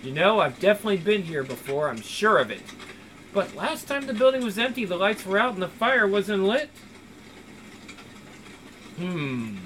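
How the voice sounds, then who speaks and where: A man's voice: sits high, expressive, fairly quick, a bit bright, slight background noise. A man voicing the hero of a video game, casual and wry with frequent swearing. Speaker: gamer voicing the main character. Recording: music playing behind.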